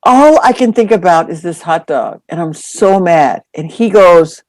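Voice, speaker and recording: Slow-spoken woman telling a dharma story. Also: on the high side, dry recording. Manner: lively anecdotal storytelling with acted-out quotes. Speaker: dharma teacher. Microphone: online call.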